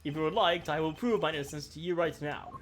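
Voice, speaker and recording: A woman's voice: low-pitched, soft background music, natural voice. A woman reading as a cool, formal prosecutor. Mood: composed. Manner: measured, formal, self-assured. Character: calm, confident male prosecutor, adult.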